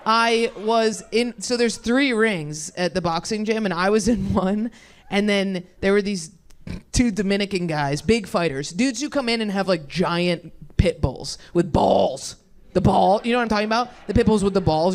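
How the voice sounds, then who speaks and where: A woman's voice: mid-range voice, moderate pace. Rambling young woman doing stand-up. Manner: rambling, self-deprecating, chatty with crowd. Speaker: stand-up comedian. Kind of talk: stand-up comedy set.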